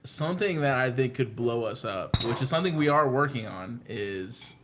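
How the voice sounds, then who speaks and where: A man's voice: mid-range voice, animated, moderate pace, noisy background. A man chatting casually on a podcast with friends, joking and cutting in to keep talking. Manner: joking, keeps pushing to be heard. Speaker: podcast guest, driving instructor.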